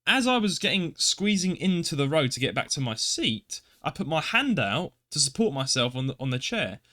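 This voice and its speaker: Telling an embarrassing story on a podcast, a young co-host is self-deprecating and acts out his reactions in casual fashion. His voice is fairly high and sharp, very animated, at a moderate pace.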